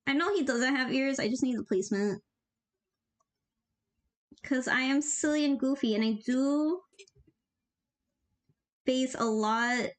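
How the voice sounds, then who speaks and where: A young woman animating on a live stream, chatting casually in a bubbly, giggly, slangy way and reading chat aloud. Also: on the high side. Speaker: animator streaming while drawing.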